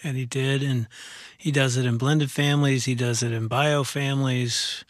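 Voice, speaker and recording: A man's voice: medium pitch, level tone, normal speed, no room sound. Male co-host, mid voice, hopeful encouraging tone, dry mic. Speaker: radio co-host. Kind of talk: encouraging commentary.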